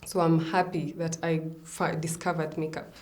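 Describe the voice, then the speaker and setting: A woman's voice: deep voice, level tone, moderate pace, darkish tone. A young Kenyan woman, a makeup artist, speaking candidly and easily in an interview, laughing often. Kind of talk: conversational interview.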